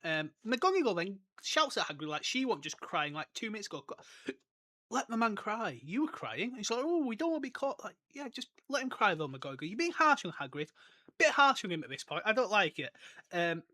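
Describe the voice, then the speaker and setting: A chatty man hosts a casual book podcast and rambles through his thoughts with plenty of laughs. His voice sits a little high and sounds bright and clear. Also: big pitch swings, brisk. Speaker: podcast host. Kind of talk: casual book discussion with read-aloud passages.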